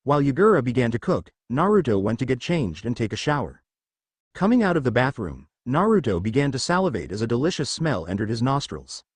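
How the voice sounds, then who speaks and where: A man narrating a fan fiction story in a steady storytelling manner. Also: medium pitch, a little fast, husky, no room sound.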